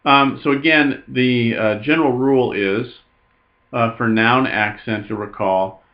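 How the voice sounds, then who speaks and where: Male teacher, mid pitch, patient explainer with many fillers, slightly muffled recording. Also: fairly even intonation. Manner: unhurried, explanatory, with frequent "uh" fillers. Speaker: Greek teacher. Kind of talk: recorded grammar lesson.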